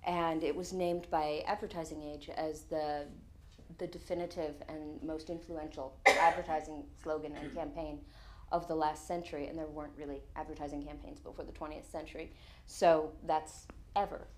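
A woman, author and guest speaker, telling lively anecdotes and explaining science plainly in an on-stage conversation at a lecture. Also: deep voice, moderate pace. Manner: lively anecdotal storyteller, laughs often.

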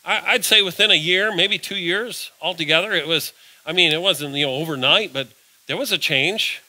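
Preacher, male, fairly high and very bright, folksy style that answers its own questions; church sermon. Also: normal speed, low-quality recording. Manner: folksy, asks rhetorical questions and answers them himself. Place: church sanctuary.

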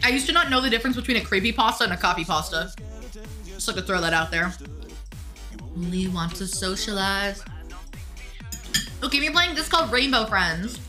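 A woman with a medium-pitched, sharp voice talks fairly quickly but pauses often, with faint music playing behind her. She's live-streaming a game, chatting casually, reading viewers' messages aloud and answering them as they arrive.

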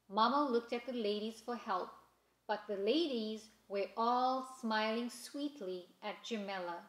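A woman reading a children's storybook aloud slowly and expressively. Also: on the high side. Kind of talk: read-aloud storybook narration. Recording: roomy echo.

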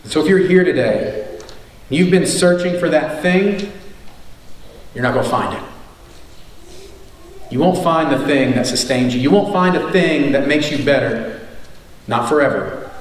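A man's voice: on the high side, expressive, unhurried, pauses often, a little hiss or hum. A male pastor preaching an earnest sermon, stressing his points through repetition. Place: church sanctuary. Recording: echoey church hall, mic at a distance.

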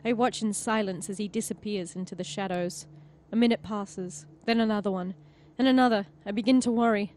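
A woman's voice: medium pitch, fairly even intonation, brisk, a little mellow, a little hiss or hum. Woman narrating a game aloud. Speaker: player reading the game aloud. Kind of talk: narrating a visual novel playthrough.

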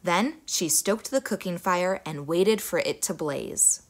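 A young woman reads a children's folktale aloud, with her voice rising and falling freely from line to line. Her delivery is expressive and animated, made for young listeners. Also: fairly low pitch, slow. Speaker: storyteller. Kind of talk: children's story read aloud.

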